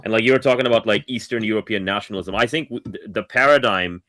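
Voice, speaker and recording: A man chatting on a podcast panel, casual and profane, quick to agree before making his own point. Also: fairly low pitch, bright, forceful tone.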